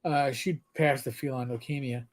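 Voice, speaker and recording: A man co-hosting a casual livestream chat, an animated storyteller who often restarts his sentences and reads viewer comments aloud. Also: mid-range voice, normal speed. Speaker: livestream co-host.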